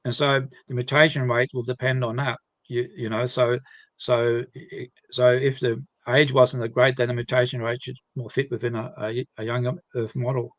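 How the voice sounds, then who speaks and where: A man speaking as a guest at a live seminar, explaining in halting phrases with frequent restarts. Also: medium pitch, little pitch movement, fairly bright tone. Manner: halting, many restarts and repeated words.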